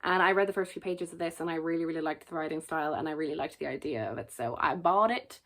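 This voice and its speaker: A woman with a somewhat low voice chats casually to her camera as a book reviewer. She is jokey and enthusiastic as she talks through her picks. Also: fast, a bit bright.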